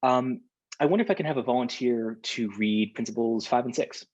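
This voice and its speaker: A man leading a seminar over a video call, talking in a halting way full of fillers and restarts. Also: mid-range voice, darkish tone, highs cut off. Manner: hesitant, lots of fillers and restarts. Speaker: workshop leader.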